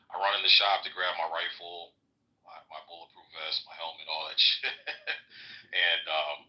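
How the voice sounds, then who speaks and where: A man's voice: low-pitched, flat delivery, normal speed, pushed and bright, rough recording. A man telling a war story in casual chat, profane and loose, saying "bro" a lot. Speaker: Iraq veteran, guest.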